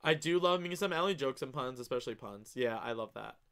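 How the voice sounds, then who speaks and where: A young man hosts a casual live stream and reads viewer comments aloud. His voice is bright and forceful, and he talks in an excitable, gushing way, swearing freely. His pitch sits in the middle range. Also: fairly quick, clear, resonant tone.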